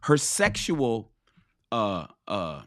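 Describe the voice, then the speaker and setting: A man's voice: lowish voice, huge pitch swings, very slow, dry recording. A man hosting a talk show, giving blunt, profane dating advice to other men and repeating key phrases for stress.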